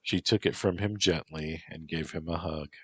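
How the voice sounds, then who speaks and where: A man narrating a story in a slow, measured reading voice with a husky tone. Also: a bass voice, fairly even intonation, fairly bright tone, no room sound.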